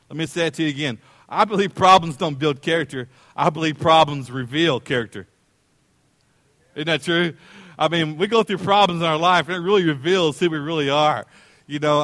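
Middle-aged male pastor, high-pitched, animated storyteller, dry close-miked sermon. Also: dry recording. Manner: animated storyteller, acts out quoted voices with big pitch jumps.

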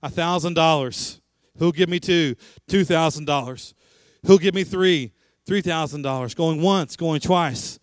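A man's voice: fairly high pitch, unhurried, hardly any pauses, dry recording, clean studio sound, close to an everyday voice. A man voicing an auctioneer calling out bids in a sermon story. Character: auctioneer, quiet then rising bids.

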